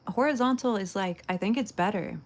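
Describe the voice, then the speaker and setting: A woman's voice: mid-range voice, fairly quick. A young woman livestreaming while making pottery, chatting casually and giggling with her viewers. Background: faint game music.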